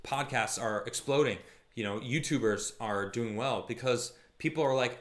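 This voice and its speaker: A young man hosts a casual live stream and talks through viewer comments in an animated, chatty way. His voice sits at an ordinary middle pitch, and he moves easily between joking and serious moments. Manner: chatty, animated, quick mood swings from jokey to somber. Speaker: live-stream host reading chat.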